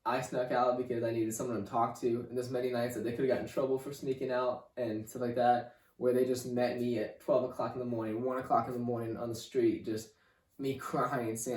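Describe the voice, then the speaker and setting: A young man giving a personal faith testimony as a podcast guest, halting and repeating himself, leaning on "like" and "you know". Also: medium pitch, level tone, darkish tone, far from the mic. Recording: roomy room, voice off-mic.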